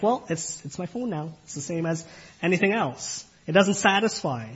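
Husky-voiced man preaching a sermon. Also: sits high, fairly bright tone. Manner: earnest, measured preaching with frequent fillers and rhetorical questions. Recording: dull lo-fi recording.

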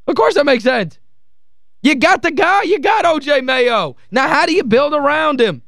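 High-voiced ranting sports radio man. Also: expressive, normal speed, vocal fry, a bit bright, dry recording, clean studio sound. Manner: heated, exasperated, emphatic ranting; repeats phrases for emphasis. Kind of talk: call-in sports talk rant. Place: radio studio.

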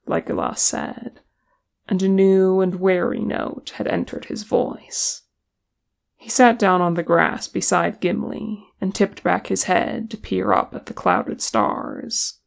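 A reader narrating a chapter of fan fiction in an unhurried, even way. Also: mid-range voice, creaky. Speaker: audiobook reader.

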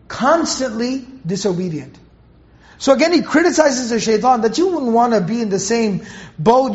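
A man giving a Quran commentary lecture, explaining word by word and asking rhetorical questions, on a dull lo-fi recording. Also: very high voice. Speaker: Quran teacher.

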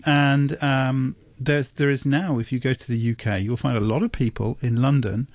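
A man presenting on radio, chatting casually in a studio, thoughtful and hesitant with many pauses. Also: medium pitch, fairly even intonation, no echo. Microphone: studio microphone.

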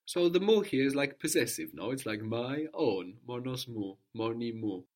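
A man's voice: medium pitch, sing-song, moderate pace, darkish tone. A man teaching a language lesson, patiently prompting his student and repeating the answers.

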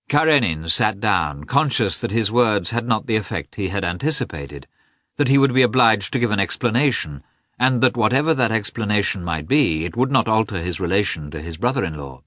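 A man narrates an audiobook, his deep voice moving expressively through the sentences. The reading is measured and lively in pitch, and the sound is dry and close. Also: dry recording. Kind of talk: scripted narration.

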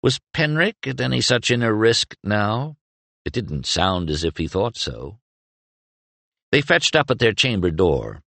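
Deep-voiced man narrating an audiobook. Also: sing-song, a little slow, gravelly, a bit bright, no echo. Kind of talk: scripted narration.

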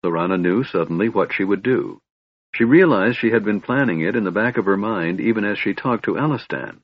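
Low husky male audiobook narrator. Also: animated, a little fast. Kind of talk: scripted fantasy narration. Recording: dull dry recording.

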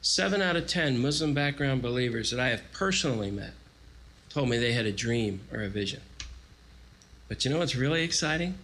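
A man's voice: medium pitch, brisk, a little hiss or hum, poor audio. A man in his forties preaching a sermon, telling stories animatedly and acting out quotes. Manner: animated storytelling with acted-out quotes. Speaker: guest preacher.

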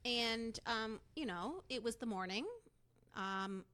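A woman co-hosting a podcast, telling a road-trip story in casual chat, animated and quick to laugh. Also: a little high. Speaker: podcast co-host.

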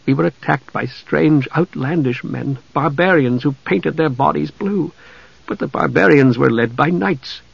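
A man reading an audiobook, voicing a grieving, defensive young male knight who speaks softly and with a tremble. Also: on the high side, unhurried, vocal fry, slightly rough, no room sound, highs cut off, pitched above the performer's own voice, full character voice. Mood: subdued.

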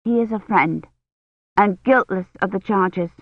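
A reader voicing a calm, composed lady of the manor. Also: mid-range voice, no room sound, highs cut off. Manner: calm, quiet, measured. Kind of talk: audiobook character voice.

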